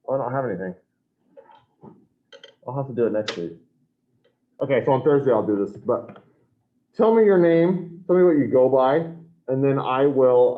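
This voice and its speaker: A man teaching an online class, taking attendance in a scattered, self-correcting, apologetic way. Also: medium pitch. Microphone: video call. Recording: tinny video call audio.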